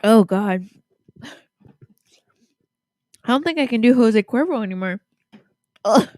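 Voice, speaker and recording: A woman's voice: a little high, animated, unhurried, a little mellow, no room sound, clean studio sound. A drunk woman chatting casually on a podcast, giggling and rambling into a handheld mic. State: tipsy, drunk. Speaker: guest reader.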